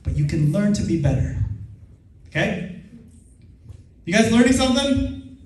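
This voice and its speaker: High-voiced Filipino man coaching a hall. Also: measured pace. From Philippines. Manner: energetic, laughs often, leads the crowd in repeating lines. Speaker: seminar speaker and trainer. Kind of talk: motivational seminar talk with call-and-response. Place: large event hall with a live audience. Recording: echoey hall, voice far from the mic.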